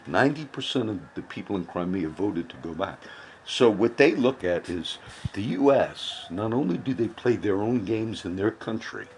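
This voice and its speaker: A man with a low, deep voice talks through politics in a casual self-recorded video. He rambles, circles back, and repeats phrases to drive a point home. A faint hum of background noise sits under him. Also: darkish tone. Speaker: political commentator. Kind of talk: casual political commentary vlog.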